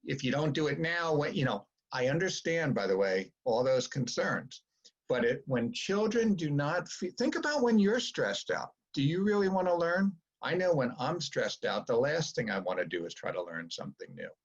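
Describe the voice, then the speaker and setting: A middle-aged man lectures parents in a relaxed, coaching way, and his voice jumps up when he acts out what parents and children say. His voice is a little husky and breathy. The sound is dull and lo-fi, like a video call. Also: mid-range voice, moderate pace. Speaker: psychologist giving a parent talk.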